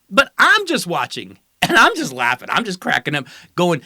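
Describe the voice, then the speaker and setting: Lively, bright-voiced sarcastic sports host. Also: mid-range voice, normal speed, few pauses, dry recording, studio quality. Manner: sarcastic, teasing, lecturing tone. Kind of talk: opinionated college football commentary.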